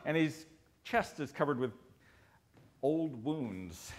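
An American man telling a comic expedition story on stage, animated and wry, with comic pauses. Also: medium pitch. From United States.

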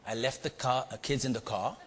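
A man's voice: medium pitch, a little fast. A middle-aged man with an Indian accent tells a story to a live audience, playfully asking questions and acting out sounds. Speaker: storytelling speaker on leadership. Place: large hall before a live audience. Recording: long hall reverb.

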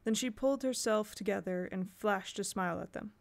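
A woman narrating a children's novel aloud at a steady, measured pace. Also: mid-range voice, vocal fry. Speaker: audiobook reader. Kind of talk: storybook narration.

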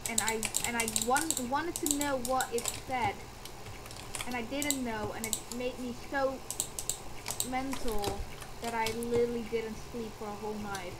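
Woman streamer, playful and rambling, slightly high voice, heavy typing noise under the mic. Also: fairly even intonation, unhurried. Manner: playful, chatty, jumps between topics. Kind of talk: casual gaming chat. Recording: loud keyboard typing behind.

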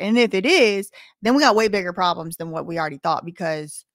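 A woman's voice: fairly low pitch, a little fast, few pauses, fairly bright tone, no echo, studio quality. A woman commenting skeptically on a live stream, weighing claims and mocking what she doubts.

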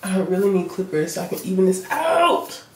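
A woman's voice: medium pitch, sing-song, moderate pace, darkish tone, roomy sound, slight background noise. A young woman, chatting casually and playfully in a self-filmed vlog, swearing freely. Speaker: vlogger.

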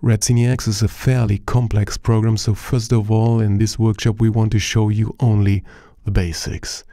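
A man with a German accent presenting a software tutorial in a steady, explanatory way, narrating over a screen recording. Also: fairly low pitch, normal speed, no room sound, studio quality.

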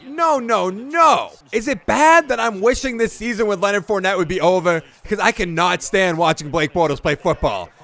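A young man giving let's play commentary on a football video game, excitable, yelling at plays and then grumbling about them. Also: sits high, moderate pace, gravelly, few pauses. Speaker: gaming YouTuber.

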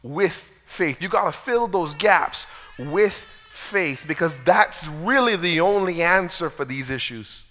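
A man with a high, light voice preaches a sermon in a large church with a long, ringing reverb. His delivery is conversational, full of fillers. It swings from loud, pleading peaks to near-whispered scripture. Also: expressive, slow pace, soft background music. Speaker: pastor.

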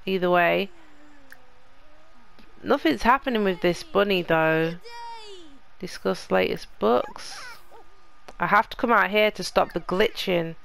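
A woman narrates her game in a relaxed, unhurried way, talking straight to the little characters on screen. Her voice has a gravelly fry to it but stays smooth and resonant. She sits at medium pitch. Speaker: gaming channel host. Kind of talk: casual let's play commentary.

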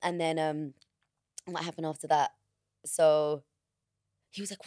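Frank low-voiced woman. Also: level tone, unhurried, long pauses, darkish tone, no echo, studio quality. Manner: frank, slangy, vivid retelling. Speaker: podcast guest. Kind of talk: candid personal storytelling.

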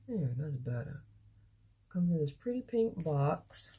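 A chatty woman, talking slowly in a low, husky voice. Her tone is dark and mellow, and she halts often with fillers as she shows off her gifts on a phone camera. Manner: chatty, excitable, halting with fillers. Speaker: beauty vlogger. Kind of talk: casual unboxing vlog.

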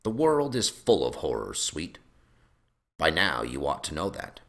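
A man voicing a calm scheming lord. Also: rumbling low, voice pushed up, exaggerated voice. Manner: calm, measured and persuasive. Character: scheming smooth middle-aged lord, Alayne's father. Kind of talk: fan audiobook reading.

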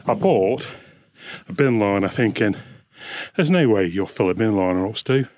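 A man's voice: lowish voice, expressive, normal speed, a little mellow, no room sound, dull audio. A man, ranting angrily and swearing while vlogging on a hiking trail. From England. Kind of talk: angry outdoor vlog.

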